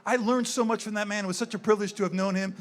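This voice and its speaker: A man's voice: sits high, fairly even intonation, rapid-fire. A man in his sixties who works with zoo animals, giving a candid, rambling speech at a gala on a handheld mic. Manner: rambling, candid, repeats himself. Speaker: zoo wildlife worker speaking at a gala. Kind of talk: off-the-cuff event speech. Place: indoor event room.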